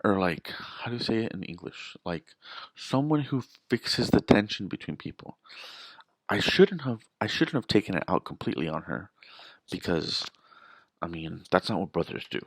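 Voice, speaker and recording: Low gravelly man rambling on camera. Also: no room sound. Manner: rambling, restarts, emphatic rhetorical questions. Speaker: vlogger. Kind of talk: casual storytelling monologue.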